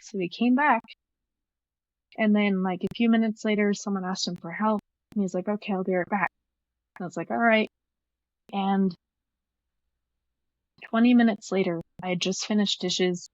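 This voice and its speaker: A woman's voice: medium pitch, no echo, muffled recording. A young adult woman guest earnestly retelling a painful past relationship in casual talk, replaying old conversations. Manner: earnest, quotes past conversations, many fillers. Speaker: podcast guest. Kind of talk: personal story, casual retelling.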